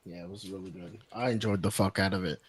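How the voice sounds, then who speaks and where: A man's voice: sits low, fairly even intonation, fast, slightly rough. A man co-hosting a casual wrestling podcast, adding short, profane reactions. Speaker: podcast co-host.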